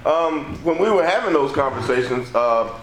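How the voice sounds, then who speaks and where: A man on a press panel giving a measured, reflective answer. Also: fairly high pitch, animated. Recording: echoey room, some background noise.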